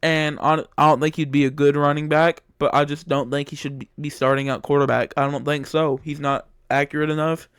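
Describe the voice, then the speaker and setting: A man's voice: a little high, flat delivery, fairly quick, hardly any pauses, a bit bright, clean tone, dry recording, clean studio sound. A young man giving a heated, repetitive opinion monologue about his football team as a channel host. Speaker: sports commentator. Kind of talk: casual sports opinion monologue.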